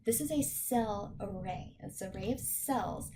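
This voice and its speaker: Woman tutor with a gravelly edge, talking through code in a casual, joking way, noisy recording with typing behind. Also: medium pitch, lively intonation, measured pace. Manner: chatty, self-deprecating, thinking aloud. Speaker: programming teacher. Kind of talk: screen-recorded coding tutorial.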